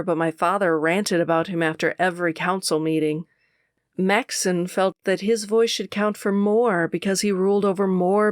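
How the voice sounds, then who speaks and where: A woman narrating a first-person audiobook in a steady, measured way. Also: lowish voice, no room sound, studio quality.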